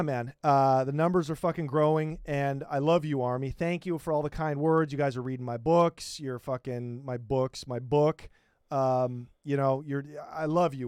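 A man's voice: medium pitch, clean tone, no echo, clean studio sound. Crude, profane man hosting a comedy podcast. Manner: profane, rambling, sarcastic. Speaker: podcast host.

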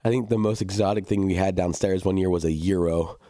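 A man's voice: deep voice, fairly even intonation, a little fast, dark tone, no echo, clean studio sound. A young man telling a work story in casual chat, rambling with many restarts and laughs. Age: young adult.

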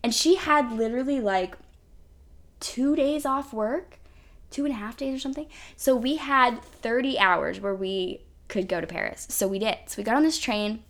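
A woman's voice: on the high side, moderate pace, fairly bright tone. A woman hosting a podcast, telling a personal story in a chatty way full of "like" and "um". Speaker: podcast host. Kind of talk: casual storytelling.

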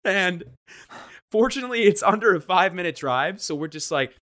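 A man telling a funny story in casual chat, animated and acting out the voices he quotes. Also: on the high side, brisk. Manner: animated, acts out quoted voices, restarts often. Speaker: guest storyteller.

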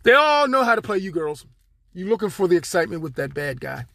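A man's voice: sits high, big pitch swings, fast, gravelly, fairly bright tone, slight background noise. A man from Pittsburgh hosting a solo podcast, talking in a rambling, streetwise, profane way with lots of fillers, speaking from his car. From Pittsburgh, USA. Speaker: podcast host.

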